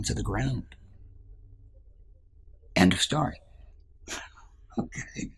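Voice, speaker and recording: A man's voice: on the low side, extremely slow, pauses often, fairly bright tone, husky. A man giving a spiritual talk as a teacher, telling a story in an earnest way and dropping to a whisper at times.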